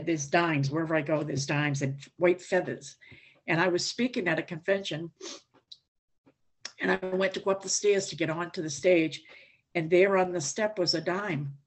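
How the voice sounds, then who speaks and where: An older woman with a fairly low voice shares her story with a meeting. She talks plainly and candidly. Now and then a dry joke slips in. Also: husky. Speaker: AA speaker. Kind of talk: recovery share.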